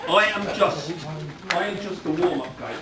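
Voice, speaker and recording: A middle-aged man giving a rambling, joke-filled father-of-the-bride speech at a wedding reception, breaking into loud bursts of praise. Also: high-pitched, expressive, normal speed. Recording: echoey hall, from far off, loud background noise.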